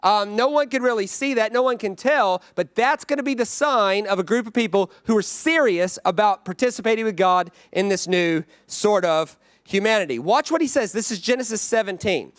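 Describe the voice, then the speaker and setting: A guest preacher delivering a conversational sermon in a church, often checking in with the congregation. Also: male voice, high-pitched, moderate pace, few pauses, dry recording, studio quality. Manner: conversational, keeps asking "right?".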